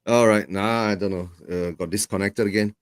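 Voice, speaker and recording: Relaxed low-voiced man chatting. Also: fairly quick. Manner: relaxed, chatty, laughs easily. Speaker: guest co-watcher. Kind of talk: casual chat over video call.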